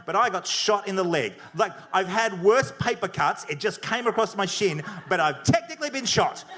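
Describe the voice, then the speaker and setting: Male comic, fairly high voice, punchy profane storytelling on a live stage. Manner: animated, profane, punchy delivery. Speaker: comedian debater. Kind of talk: stand-up storytelling. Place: comedy venue with audience.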